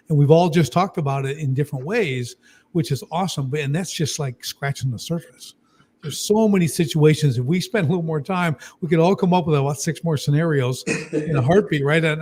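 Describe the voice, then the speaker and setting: A man's voice: on the high side, a little mellow, breathy edge. Emphatic man on a talk panel. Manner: emphatic, persuasive, peppered with "right?". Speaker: co-host of a communication talk show. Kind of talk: panel discussion.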